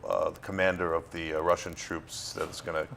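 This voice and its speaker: A man's voice: deep voice, level tone, fairly quick, gravelly, a bit bright, slight background noise. A man from Florida, an actor being interviewed, talking in a loose, rambling way with fillers and restarts. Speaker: actor, guest. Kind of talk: casual interview.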